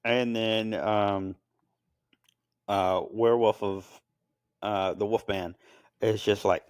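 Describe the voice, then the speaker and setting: A man's voice: fairly low pitch, fairly even intonation, takes it slowly, no echo, clean studio sound. A man co-hosting a film podcast, rambling through his notes with lots of fillers and jokey asides. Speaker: podcast co-host reviewing films. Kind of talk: casual chat.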